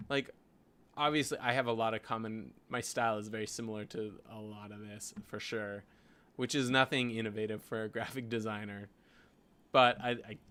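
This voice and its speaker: A man's voice: on the low side, sharp tone, smooth. A man with a Canadian accent, a graphic designer rambling casually as he talks through his design work, full of "like" and "you know". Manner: thinking aloud, rambling with frequent "like" and "you know". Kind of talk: casual screen-share design vlog.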